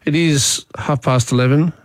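A man's voice: fairly high pitch, moderate pace, dry recording. A middle-aged man chats loosely on talkback radio, trailing into fillers and restarts as he thinks aloud. His voice is close and dry, with nothing of the room around it. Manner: relaxed, chatty, frequent fillers and restarts. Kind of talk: casual talkback radio chat. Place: radio studio.

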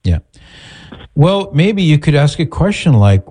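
A man hosting an advice show, calmly and directly counselling a caller. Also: on the high side, measured pace, pauses often, husky. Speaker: host giving advice to a caller. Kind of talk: advice call-in talk.

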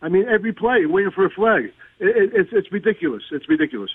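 A man's voice: high-pitched, expressive, quick pace, gravelly, breathy edge, dry recording. A man in his sixties calling a sports radio show, griping in an exasperated way and stammering over repeated words. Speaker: caller. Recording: tinny dry phone line.

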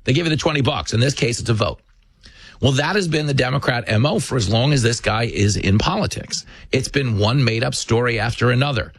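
A male host delivers a sarcastic, impassioned commentary monologue in an average-pitched voice. He talks quickly and tells stories along the way. The sound is close and dry, with no room echo. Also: breathy edge. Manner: fast, sarcastic, impassioned, storytelling.

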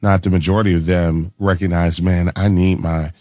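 A man hosting a Christian call-in radio show, speaking gently and encouragingly to callers and guests. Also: low-pitched, level tone, normal speed, no echo, studio quality.

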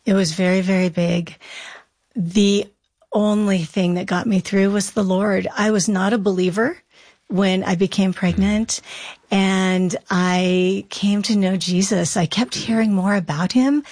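A woman's voice: mid-range voice, fairly even intonation, a little slow, darkish tone, dry recording. A woman guest in an interview, telling her faith story in an earnest, reflective way. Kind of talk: interview, personal testimony.

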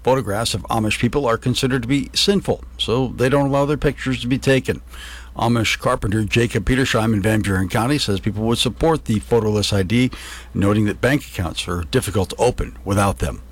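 A man reading a scripted radio news report in a crisp, even manner. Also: fairly low pitch, brisk.

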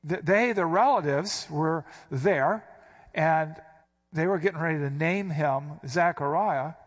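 A man's voice: a little high, measured pace. A man preaching a sermon, explaining scripture verse by verse with emphatic stresses. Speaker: pastor.

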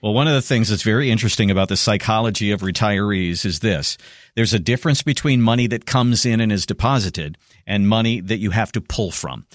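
A man's voice: lowish voice, brisk, dry recording. Guy hosting a money radio show, dry studio sound, pushy and upbeat. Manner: persuasive, repeats phone numbers. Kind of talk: financial radio talk and ad reads.

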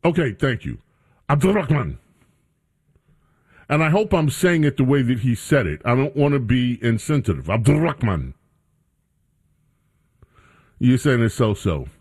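A man's voice: mid-range voice, very animated, brisk, few pauses, darkish tone. A man hosting a talk radio show, bantering with his studio crew in a casual commentary style.

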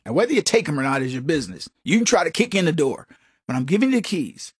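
Emphatic man with a lively high voice. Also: quick pace, slightly rough, dry recording, clean studio sound. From United States. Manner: emphatic, combative, mocking quoted voices. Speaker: commentator. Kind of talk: opinionated monologue.

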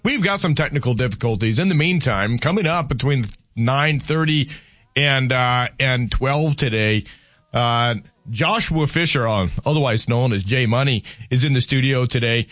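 A man's voice: mid-range voice, moderate pace, a bit bright, dry recording. A man hosting a morning radio show, chatting casually with many restarts and jokes. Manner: rambling, many restarts, joking. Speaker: radio host. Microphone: studio microphone.

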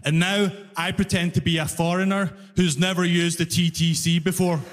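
High-voiced Glaswegian man doing stand-up. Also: normal speed, big-room sound. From Scotland. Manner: animated storytelling, acting out both sides. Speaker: stand-up comedian. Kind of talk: stand-up comedy set. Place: large concert hall stage.

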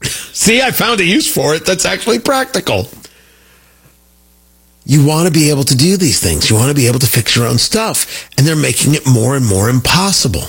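A man's voice: high-pitched, animated, a little fast, a bit bright, breathy edge. A middle-aged man hosting a talk radio show, delivering an emphatic, opinionated monologue with joking asides into a studio microphone.

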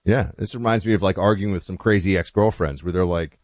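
A man's voice: fairly low pitch, fast talker, hardly any pauses, dry recording. A man co-hosting a talk radio show, chatting in a wry, sarcastic way. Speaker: radio co-host. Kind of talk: casual talk radio banter. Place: radio studio.

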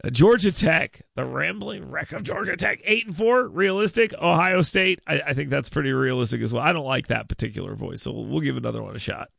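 A man hosting a studio radio show in loose, rambling chat, his voice full of gravel and grit. His tone is bright and lively, jumping around a lot, and the sound is close and dry. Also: a little high, fairly quick, few pauses, no echo. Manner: rambling, repeats words, laughs often. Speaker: radio talk show host. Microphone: studio mic.

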